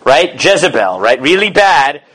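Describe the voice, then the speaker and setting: A man's voice: on the high side, big pitch swings, moderate pace, fairly bright tone, husky. A male rabbi teaching an informal Torah class. He chants Hebrew verses, then paraphrases them and acts out the quotes casually, often asking the students "right?".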